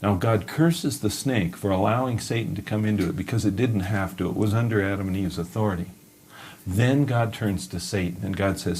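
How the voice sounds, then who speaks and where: Male Bible teacher, low voice, storytelling sermon. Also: brisk, a little mellow, slight background noise. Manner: storytelling, asks and answers his own questions.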